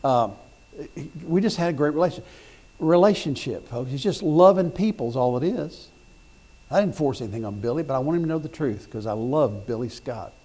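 A man's voice: medium pitch, animated, a little fast, breathy edge. Folksy preaching man. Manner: folksy storytelling with repeated words and restarts; rises to loud emphatic preaching. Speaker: pastor. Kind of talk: sermon.

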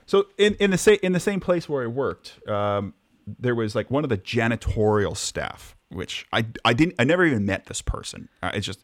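A man co-hosting a podcast, telling animated anecdotes from his working life with many restarts. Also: mid-range voice, normal speed, no room sound, clean studio sound. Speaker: podcast co-host. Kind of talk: casual chat.

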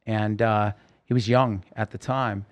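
A rock singer in his fifties guests on a podcast, telling a long story in a fairly low, slightly slow voice. He's an animated storyteller who acts out the dialogue during this storytelling interview.

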